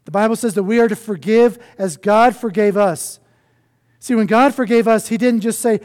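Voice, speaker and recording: A male pastor preaching a sermon in an earnest way, often dropping to a soft hush to stress a point. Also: sits high, moderate pace.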